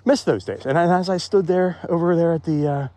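A man's voice: fairly high pitch, moderate pace, warm tone, no echo. A man talking to his phone as he walks outdoors, musing in a rambling, conversational way in a reflective vlog. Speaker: vlogger. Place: outdoors in a cemetery. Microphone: phone held while walking.

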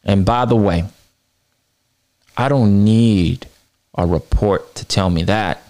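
A man hosting a wrestling podcast, delivering a heated, profane opinion rant that swings between low mutters and high outbursts. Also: takes it slowly, darkish tone. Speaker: podcast host.

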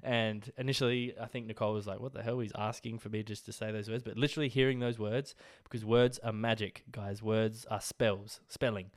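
A man's voice: fairly low pitch, steady tone, a little fast, few pauses. A young Australian man hosting a casual solo podcast, rambling and swearing, full of fillers, coughing a little as he gets over an illness. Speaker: podcast host.

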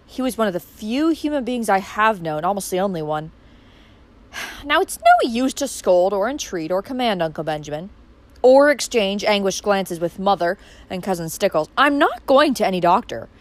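A bold, teasing young woman who has stopped obeying her family, her lively voice rising and falling freely, as a woman reads her in an audiobook. She sounds light, mocking and defiant. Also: mid-range voice, close to an everyday voice. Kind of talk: audiobook character reading.

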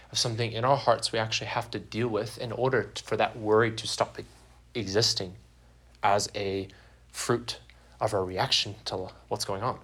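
A man's voice: on the low side, fairly bright tone, slightly rough. A young man preaching a sermon in a church, in a conversational, joking way with acted-out quotes. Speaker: pastor. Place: church sanctuary.

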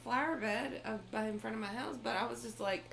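A woman co-hosting a podcast, telling a story in a casual, animated way with frequent laughs and swearing. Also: fairly high pitch, fairly quick, creaky, slight background noise. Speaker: podcast co-host.

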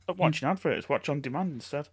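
A man's voice: fairly high pitch, fast talker, husky. A man co-hosting a podcast, reminiscing in laid-back casual chat. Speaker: podcast co-host.

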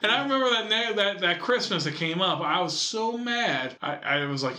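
A man's voice: high-pitched, animated, normal speed, bright, forceful tone, roomy sound. A man on a podcast, telling a childhood story in casual chat and acting out his family's voices with lots of laughter. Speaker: podcast co-host.

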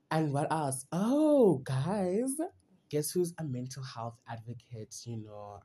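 Give me a heartfelt man hosting a casual podcast, with a relaxed, warm voice and loose, rambling thoughts. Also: on the low side, slight background noise. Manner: chatty and heartfelt, heavy use of "you know" and "like". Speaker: podcast host. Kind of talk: casual solo podcast monologue.

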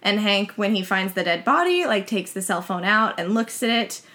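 A woman's voice: mid-range voice, expressive, normal speed, bright, forceful tone. Chatty woman retelling a film. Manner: chatty retelling with many fillers. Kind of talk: casual chat, film recap.

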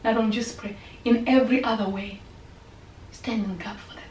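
A woman pastor preaching and praying, impassioned and repetitive, sometimes falling to a soft whisper. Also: a little high, fairly even intonation, fairly quick. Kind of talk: sermon and prayer. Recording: echoey room, voice from a distance, faint background hum.

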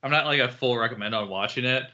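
Bright-voiced male podcast co-host. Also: mid-range voice, fast talker, dull audio. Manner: relaxed storytelling, frequent "like" and "um". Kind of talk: casual chat.

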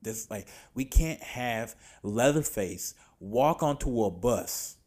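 Man, podcast host, casual film review, slangy, profane, exasperated, animated, mid-pitched voice. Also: takes it slowly.

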